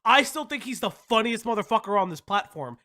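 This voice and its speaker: Male streamer, high voice, bright and lively, excitable, shouts and laughs, swears a lot. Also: fairly quick. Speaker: commentary streamer. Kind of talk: casual stream chat.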